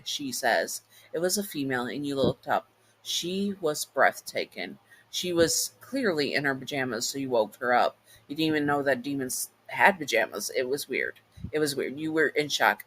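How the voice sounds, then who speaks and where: A man's voice: medium pitch, moderate pace, a bit bright. A man casually narrating a second-person fan audio story, stopping to correct his own slips aloud.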